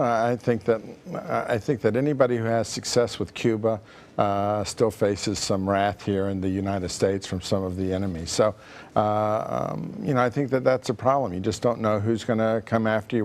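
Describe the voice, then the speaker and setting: A man's voice: fairly low pitch, steady tone, normal speed, darkish tone. A man speaking as a guest on a TV panel discussion, hesitant and full of restarts.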